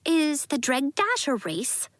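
A woman's voice: high-pitched, very animated, slow, a bit bright, dry recording, pitched above the performer's own voice, full character voice. A woman voicing an earnest young girl who is fond of her pet.

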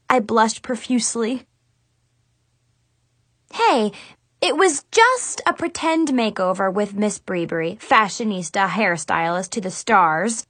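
A woman's voice: mid-range voice, lively intonation, slow pace, a bit bright, no room sound. A woman narrating a storybook in the first person as a teenage girl, dramatic and exasperated. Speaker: audiobook narrator.

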